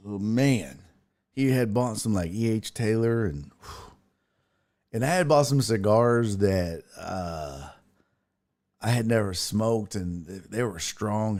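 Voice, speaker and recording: A man hosting a sports podcast, telling a rambling, profane story in casual chat. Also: fairly low pitch. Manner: rambling, profane storytelling with animated quoted asides.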